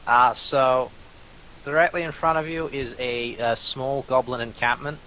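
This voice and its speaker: A man's voice: mid-range voice, fairly even intonation, measured pace, bright, forceful tone, poor audio. A man narrating a tabletop game as game master, stumbling over his words with uh's and repeats. He drops dry, self-mocking asides in a mid-range voice, over a faint hiss.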